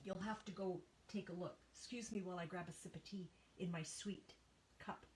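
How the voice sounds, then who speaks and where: A Canadian woman hosts a live papercraft stream from her home studio, chatting casually with viewers and reading out their names, though a tickle in her throat makes her cough. Her lowish voice is a little mellow with fairly even intonation at normal speed, in a low-quality recording with some hiss or hum.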